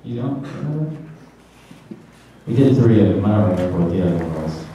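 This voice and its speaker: A man's voice: deep voice, sing-song, brisk, mellow, far from the mic, highs cut off. Joking man in an echoey hall. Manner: joking, self-mocking, rambling storyteller. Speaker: voice actor, convention panel guest. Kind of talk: convention panel Q&A. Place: convention panel room. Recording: echoey hall, mic heard from afar, noisy.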